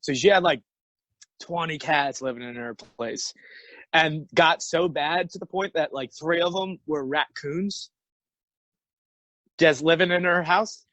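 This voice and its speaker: Young man, laughing storyteller, slightly high voice. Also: unhurried, pauses often, a bit bright, no room sound. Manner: loose, laughing storytelling with acted-out quotes. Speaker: podcast co-host. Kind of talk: casual chat.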